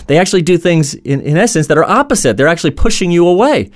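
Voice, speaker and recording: A man's voice: a little high, lively intonation, quick pace. A man giving an instructional talk as a coach, earnest, explaining through stories and imagined dialogue, with frequent fillers and restarts.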